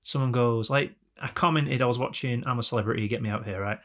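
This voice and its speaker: A man's voice: medium pitch, fast talker, fairly bright tone. A man hosting a casual podcast, telling stories with plenty of swearing and laughter. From England. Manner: storytelling, sweary, laughing often. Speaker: podcast host. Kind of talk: casual chat.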